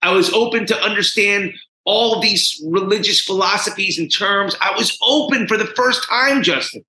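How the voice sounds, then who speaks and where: A man from New Jersey, a podcast guest, telling his story in an animated, emphatic way. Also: high voice, moderate pace, a little hiss or hum. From New Jersey, USA. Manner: animated, emphatic, swinging between hushed and loud. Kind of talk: casual storytelling. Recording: roomy echo.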